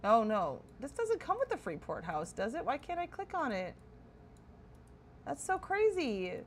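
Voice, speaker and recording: A woman's voice: on the high side, wildly swooping pitch, normal speed, slight background noise. Chatty woman streamer touring a game house. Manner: chatty, self-correcting, wonder-struck. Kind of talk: casual live-stream commentary.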